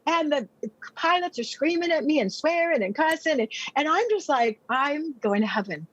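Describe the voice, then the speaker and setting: Expressive American woman telling her testimony. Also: high-pitched, moderate pace, no room sound, lo-fi sound. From United States. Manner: vivid and expressive, acting out her own past words with brief laughs. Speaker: podcast guest, pastor and speaker. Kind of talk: personal testimony storytelling.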